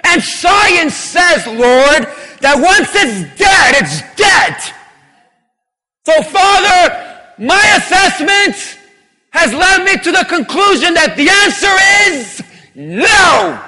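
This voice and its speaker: A man's voice: extremely high pitch, very animated, takes it slowly, pushed and bright, shouting, voice pushed up, heavily acted. A preacher voicing a smug, lecturing man who reasons that all hope is dead, with a pompous tone. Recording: long reverb of a large hall.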